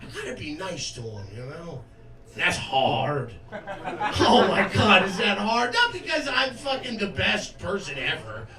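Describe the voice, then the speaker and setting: A man's voice: high-pitched, very animated, unhurried, a crowd in the background. A man in his twenties doing a stand-up comedy set, jovial, crude and self-mocking. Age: 20s. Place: comedy club stage. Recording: roomy club sound from a distance with audience laughter.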